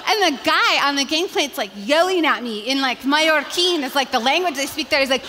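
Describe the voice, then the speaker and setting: A woman, a pastor's wife, telling a funny story to a church audience in an animated, chatty way, full of "like" and "you guys.". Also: high voice, brisk, few pauses, slight background noise. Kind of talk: humorous storytelling talk to an audience. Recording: long hall reverb.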